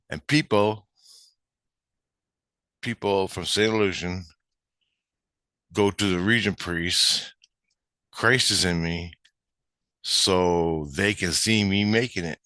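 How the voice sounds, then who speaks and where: A man with a deep, low voice rambles through a spiritual experience at an unhurried pace. His talk meanders and circles back, casual and sprinkled with swearing. The sound is dry, with no room around it. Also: bright, forceful tone, no room sound. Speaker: vlogger.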